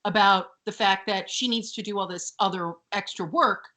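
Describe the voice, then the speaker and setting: Bright-voiced chatty woman podcaster. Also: medium pitch, moderate pace. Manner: chatty, laughs often, many fillers. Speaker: podcast co-host. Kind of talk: casual chat.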